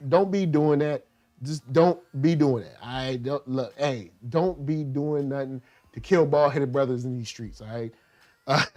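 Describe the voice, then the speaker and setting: A man hosting a casual review show, talking in animated slang and acting out characters in quick asides. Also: fairly high pitch. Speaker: show host reviewing a TV series.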